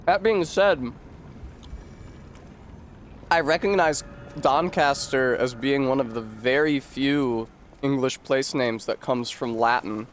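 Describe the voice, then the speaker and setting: A man streaming a video game in casual chat, rambling and joking while he answers his chat. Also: medium pitch. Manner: rambling, jokey, talks back to chat.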